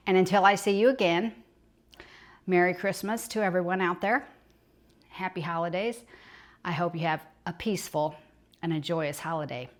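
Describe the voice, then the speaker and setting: A woman's voice: on the low side, fairly bright tone. A woman filming a casual home baking vlog in her kitchen, gushing and exclaiming often, on a small clip-on mic. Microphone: small clip-on microphone.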